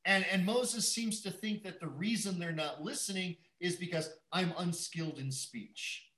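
A man's voice: sits high, normal speed, a bit bright, reverberant, poor audio. A man teaching the Bible verse by verse, thinking aloud and often repeating his words as he goes.

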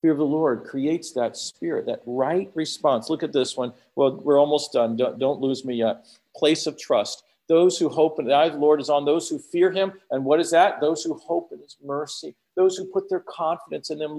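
A man preaching a sermon, acting out prayers and quotes with sudden swings from loud exclamations to hushed tones. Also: on the high side, normal speed.

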